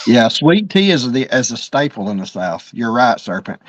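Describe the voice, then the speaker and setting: A man's voice: mid-range voice, very animated, normal speed, no echo. A middle-aged man with an Alabama accent, co-hosting a livestream and telling stories in an easygoing way, often repeating words. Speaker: livestream co-host. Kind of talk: casual chat. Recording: dry, lo-fi livestream audio.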